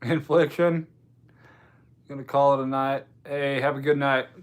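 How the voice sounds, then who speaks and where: A man of middle pitch hosts a casual late-night livestream. He talks loosely and easily as he answers his viewers one by one. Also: measured pace, clean tone. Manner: relaxed, answering chat comments, yawning. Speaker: livestream host.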